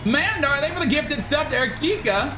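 A woman streaming a game live, excitable and trash-talking opponents while she swears and thanks her viewers. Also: sits high, brisk. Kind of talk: live gameplay streaming commentary. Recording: game music playing underneath. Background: game music.

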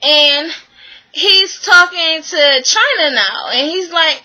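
A vlogger with a bright, high voice recaps a reality show in casual commentary, taking it slowly. She's animated and exasperated, slangy and quick to swear, acting out the people she quotes, though the audio is poor.

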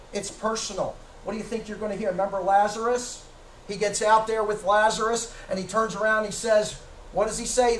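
Male pastor, very high voice, emphatic sermon delivery, heard from far off in a reverberant church, faint background hum. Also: steady tone, brisk. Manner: emphatic, rhetorical questions, occasional shouting. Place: church sanctuary. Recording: echoey church from a distance.

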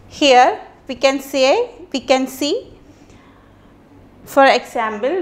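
A high-pitched woman from India, speaking Indian English, leads a slow classroom pronunciation lesson as a language teacher. She repeats each word twice and pauses between phrases, and her voice echoes around the room.

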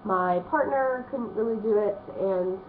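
A woman's voice: mid-range voice, unhurried, a little hiss or hum. A woman in her thirties chatting in a rambling way about her book haul, with a stuffy nose and lots of fillers. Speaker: vlogger showing a book haul. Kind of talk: casual chat. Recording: tinny, phone-like lo-fi audio.

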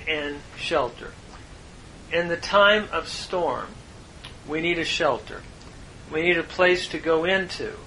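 Slow, bright-voiced man teaching. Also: on the high side, a little hiss or hum, poor audio. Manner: slow, deliberate explanation with earnest emphasis. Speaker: Hebrew grammar teacher. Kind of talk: Bible lesson lecture.

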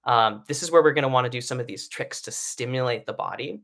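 Recorded on a live stream setup, this vocal coach walks students through breathing exercises at a quick pace, keeping things casual and conversational. He fills his explanations with fillers and keeps asking "right?" between points. His voice is bright and forward, middle in pitch, with vocal fry.

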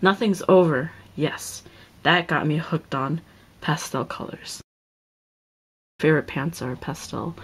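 A woman's voice: sits low, takes it slowly, long pauses, breathy edge, low-quality recording. A young woman gushing over an album as she unboxes it, exclaiming "oh my god" over and over and often slipping into a whisper. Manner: gushing, keeps repeating oh my god, drops into whispers. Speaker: unboxing vlogger. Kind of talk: excited casual unboxing chat.

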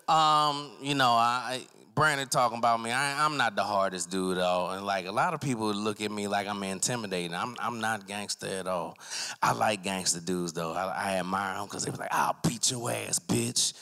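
A young man doing a loose, rambling open mic stand-up set, acting out characters in loud voices. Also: on the low side, a little fast, clear, resonant tone. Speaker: stand-up comic. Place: small arts center stage with a live audience.

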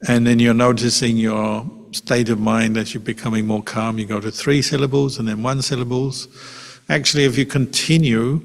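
A male monk teaching in a reverberant hall. His voice sits at an ordinary middle pitch. He answers questions calmly and reassuringly, taking his time and pausing between thoughts. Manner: calm, unhurried, reassuring, with pauses. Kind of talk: answering questions in a dharma talk.

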